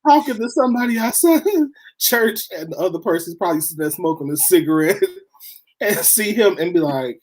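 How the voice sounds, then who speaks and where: A woman hosts a relaxed panel chat in a somewhat low, husky voice. Her pitch swings widely and expressively. She reads posts aloud and breaks into laughter as she goes. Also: fairly quick. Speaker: host.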